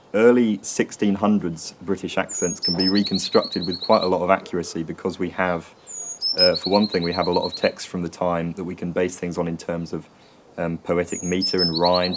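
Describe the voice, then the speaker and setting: A man hosting an educational channel, explaining in a hesitant way with many pauses, fillers and restarts. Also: low voice, very noisy. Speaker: channel host explaining accents. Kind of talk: educational talk to camera.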